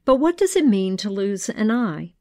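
Measured woman storyteller, dry close sound. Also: mid-range voice, sing-song, dark tone, no room sound. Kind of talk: storytelling narration, then reflective commentary.

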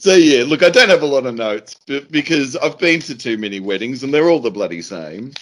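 A man's voice: mid-range voice, a little fast. A man, co-hosting a podcast and recapping a wrestling event in casual chat, acting out the voices he quotes. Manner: animated storyteller who acts out quoted voices. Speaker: podcast co-host.

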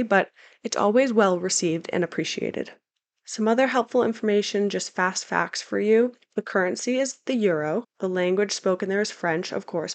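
A young woman talking through travel tips in a casual, upbeat, chatty way as a travel vlog host. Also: on the low side. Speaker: travel guide.

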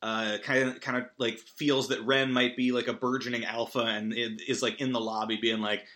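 A man hosting a podcast, recapping a movie in a rambling, self-deprecating way with big animated swings. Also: mid-range voice, moderate pace. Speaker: podcast host.

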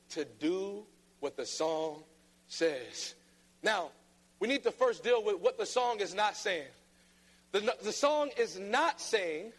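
A man preaching a sermon, playful and then emphatic, often mimicking flat reading voices. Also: sits high. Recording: long reverb of a large hall.

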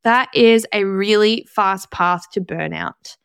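A woman's voice: mid-range voice, slow, clear, resonant tone, no room sound, clean studio sound. A woman, hosting a solo podcast in a blunt, chatty, motivational way. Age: 20s. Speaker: podcast host. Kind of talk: casual solo podcast monologue.

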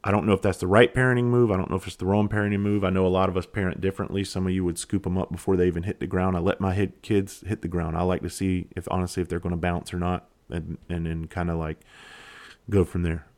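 A man hosting a podcast, talking candidly and reflectively, blunt and quick to swear. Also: low-pitched, little pitch movement, a little mellow. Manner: reflective, halting. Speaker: podcast host. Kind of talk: casual solo podcast monologue.

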